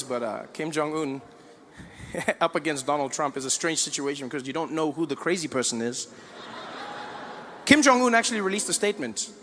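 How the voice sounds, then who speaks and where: A man doing lively stand-up comedy and mimicking the people he talks about. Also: on the high side. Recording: reverberant hall with faint noise.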